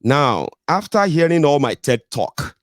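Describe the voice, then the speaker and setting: A man with a Nigerian English accent hosts a political podcast, going off on a loose, wandering rant that's blunt and peppered with pidgin tag questions. His voice sits a little high and sing-song, moving at a measured pace with no echo.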